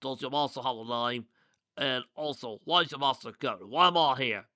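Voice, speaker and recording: A man voicing a brash male metal monster with an Australian accent who blurts out loud questions. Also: mid-range voice, moderate pace, no room sound, lightly acted. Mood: baffled.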